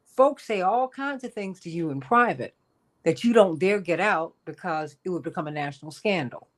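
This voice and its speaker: A woman hosting a talk show, telling stories in a lively, chatty way with frequent laughs. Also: fairly low pitch, normal speed. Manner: animated storytelling, laughs often, addresses guests by title. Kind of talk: casual radio talk.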